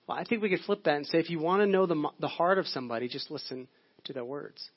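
Higher-voiced man preaching, dull lo-fi sound. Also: expressive, fast, breathy edge. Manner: conversational, storytelling preacher. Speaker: pastor. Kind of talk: sermon. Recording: dull lo-fi audio.

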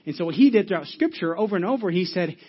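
A man preaching a sermon, telling a story with lots of restarts and quick acted asides. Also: high voice, lively intonation, husky, lo-fi sound. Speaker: pastor.

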